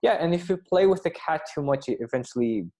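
A man's voice: on the high side, expressive, quick pace, warm tone. A male host in a conversational interview, talking hesitantly and often repeating words as he thinks.

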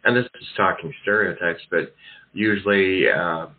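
A man's voice: deep voice, normal speed. A man hosting a talk radio show, rambling through opinions with many fillers and restarts. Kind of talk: casual talk radio commentary. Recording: tinny phone-like sound.

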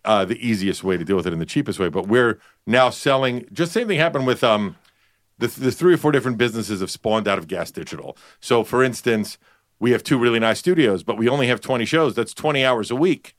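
A man who owns a podcast network, talking business in a brisk, casual chat. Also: mid-range voice, expressive, no room sound, clean studio sound.

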